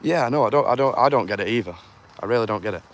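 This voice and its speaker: A man livestreaming from an outdoor car park at night on a handheld phone, chatting quietly and reading out chat comments. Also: mid-range voice, lively intonation, very fast. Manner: chatty, quietly conspiratorial, reads comments aloud. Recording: clear outdoor urban noise.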